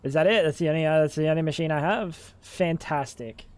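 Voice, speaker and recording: A man with a fairly high voice talks a little fast on a dry recording while streaming a game. He chats casually and thinks aloud in a rambling way, swearing plenty as he goes.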